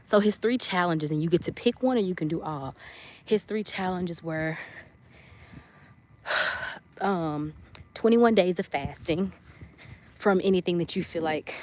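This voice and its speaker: A woman's voice: lowish voice, a little slow, pauses often. A woman hosting a casual live stream while folding laundry. She tells stories expressively, greets viewers by name and reflects on her faith. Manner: faith-centered, testimony-like reflection. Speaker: live-stream host and mother.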